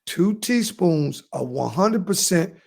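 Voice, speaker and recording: A man's voice: high-pitched, expressive, slow, vocal fry, darkish tone. A man co-hosting a comedy podcast, giving crude advice in a boastful, repetitive way and laughing at his own jokes. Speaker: podcast co-host.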